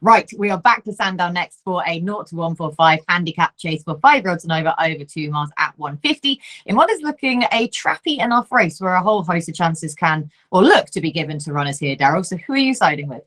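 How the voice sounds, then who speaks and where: A woman hosting a horse racing podcast in casual chat, bubbly and quick to laugh. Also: fairly low pitch, lively intonation, a bit bright, rough recording. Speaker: podcast host.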